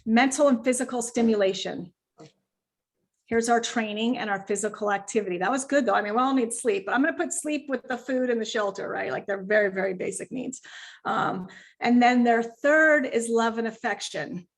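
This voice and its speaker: Woman, dog trainer, fairly high voice, lively, acts out owners and puppies, video call. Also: normal speed. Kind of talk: virtual client training session.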